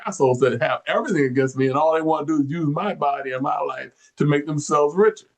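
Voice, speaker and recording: A man's voice: on the high side, fast. Rambling man thinking aloud on a podcast. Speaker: co-host. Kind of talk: casual podcast conversation.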